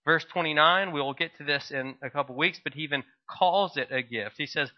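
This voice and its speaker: A male pastor giving a sermon, explaining scripture and telling a humorous childhood story in a relaxed, conversational way. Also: medium pitch, moderate pace, lo-fi sound.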